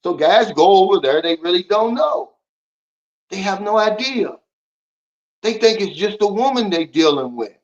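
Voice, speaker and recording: Dull, lo-fi audio carries a man's slightly high voice as he hosts a casual livestream. He speaks expressively at normal speed, lecturing viewers bluntly in response to their comments.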